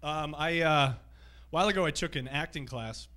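Performing stand-up on a theatre stage, a man tells loose, profane anecdotes to a live audience. His voice is a little high and his speed normal, with background noise audible.

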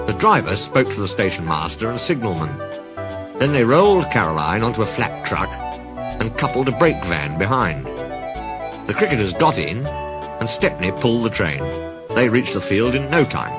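Expressive male storybook narrator. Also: on the low side, moderate pace. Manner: expressive, playful. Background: background music.

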